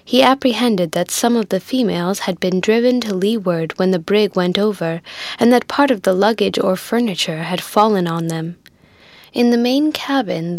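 A woman narrating a classic sea novel in a measured, even audiobook reading. Her voice sits in a middle pitch, and the recording is dry and close. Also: no echo.

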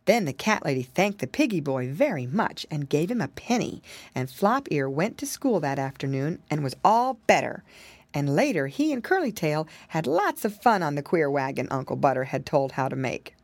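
A woman reading a children's storybook aloud, with gentle, expressive storytelling. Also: low voice, normal speed, no echo. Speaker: audiobook reader.

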